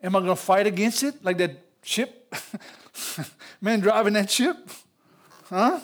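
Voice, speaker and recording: An older man preaching in a church, emotional, repeating phrases and rising to loud peaks. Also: sits high, takes it slowly. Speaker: pastor. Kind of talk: sermon.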